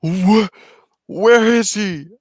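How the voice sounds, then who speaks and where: A man's voice: high voice, extremely slow, dry recording, studio quality, pitched above the performer's own voice, full character voice. A man voicing a stern, commanding alien woman leader. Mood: urgent command. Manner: commanding and urgent.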